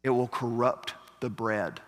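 A man's voice: extremely high pitch, normal speed, pushed and bright, voice pushed up. A man preacher voicing Jesus as an urgent grown man teacher, pressing question after question. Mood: earnest. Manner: pleading, rising questions. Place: church. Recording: reverberant church hall.

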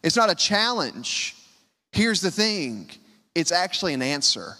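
A man preaching a sermon, his delivery swinging between hushed lows and loud, high cries. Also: sing-song, measured pace, long reverb tail. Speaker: pastor.

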